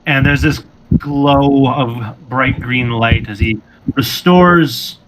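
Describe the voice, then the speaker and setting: A man running a tabletop role-playing game, narrating scenes in a measured, descriptive way. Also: mid-range voice, fairly bright tone, a little hiss or hum, low-quality recording. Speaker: game master.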